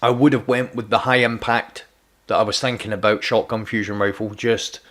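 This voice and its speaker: This streamer's voice sits on the low side, with fairly even intonation, a moderate pace, and a fairly bright tone. He chats casually during live gameplay, teasing his viewers and stumbling over repeated words.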